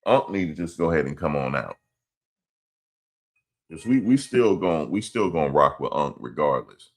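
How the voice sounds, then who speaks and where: A man's voice: a bass voice, very animated, normal speed. A man streaming, rambling through a story in casual slang and repeating his phrases. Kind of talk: casual livestream commentary.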